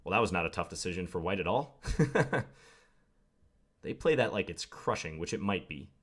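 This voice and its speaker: A man's voice: low voice, lively intonation, fast, a bit bright. A young man commenting live on his own game, thinking aloud with wry, self-deprecating asides. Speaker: chess commentator.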